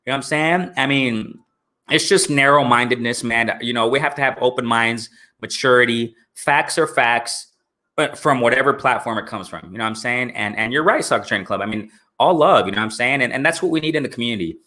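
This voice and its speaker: A man's voice: medium pitch, brisk, pushed and bright. A man hosting a live boxing stream in a casual way, answering chat and often asking "you know what I'm saying".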